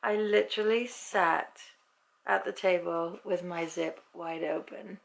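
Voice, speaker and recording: A woman's voice: lowish voice, steady tone, a little slow, creaky, a little hiss or hum. A British woman telling a story at home in a casual vlog, chatty and laughing often as she acts out what people said. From Britain. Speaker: vlogger.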